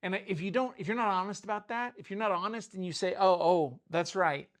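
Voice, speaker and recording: A man's voice: sits high, quick pace, fairly bright tone. A man giving an informal, joking sermon, often stopping and restarting his sentences. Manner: conversational, self-interrupting, joking asides. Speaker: pastor.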